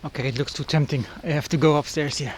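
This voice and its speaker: High-voiced joking male travel vlogger. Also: steady tone, quick pace, a little hiss or hum. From Germany. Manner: joking, chatty, exclaims at sights. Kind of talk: casual walking vlog narration. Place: outdoors in a city park. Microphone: action camera mic.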